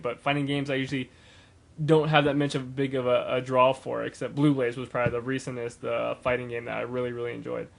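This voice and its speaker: A young man rambles through a casual gaming video blog at a quick clip. His voice sits at a middling pitch, and he keeps stumbling over fillers and restarts. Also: vocal fry. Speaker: gaming vlogger.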